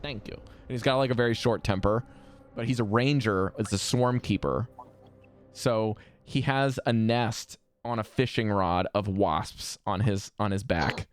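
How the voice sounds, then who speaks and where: A man who runs the tabletop game, chatting casually about characters and telling animated, profane stories. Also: fairly low pitch, unhurried. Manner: animated, swearing, laughing storyteller. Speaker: game master. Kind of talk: casual chat between game sessions.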